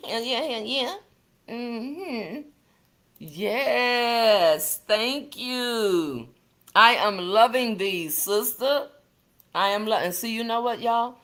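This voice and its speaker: A woman's voice: fairly high pitch, fairly bright tone. A woman talks through a casual livestream. She chats freely with her viewers, greeting them by name and calling them sister and baby as she reads the comments. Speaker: livestream host.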